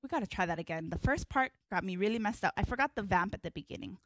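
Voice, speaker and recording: A woman's voice: medium pitch, lively intonation, fast talker, a bit bright, dry recording, studio quality, soft background music. A woman teaching a hula class live. She calls out the moves and mixes Hawaiian words into her English instructions in an upbeat way.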